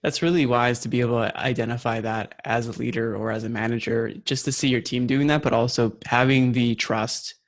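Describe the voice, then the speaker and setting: Gravelly male podcast host. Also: medium pitch, fairly even intonation, brisk, few pauses. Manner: affirming, asks reflective follow-up questions. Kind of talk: interview conversation.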